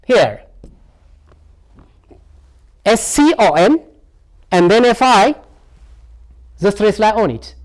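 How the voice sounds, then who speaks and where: Male English teacher. High, lively voice, slow and deliberate, drilling words by repetition. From Ethiopia. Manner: asks rhetorical "what?" questions and repeats each word many times. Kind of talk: televised classroom lesson.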